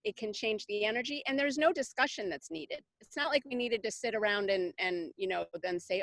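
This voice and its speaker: A middle-aged woman talks about parenting in a loose, chatty way, circling back with fillers and restarts. Her voice sits a little high. The sound is close and dry, with no room around it. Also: brisk, hardly any pauses, fairly bright tone, no echo. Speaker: parenting coach, summit guest. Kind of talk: casual conversational interview.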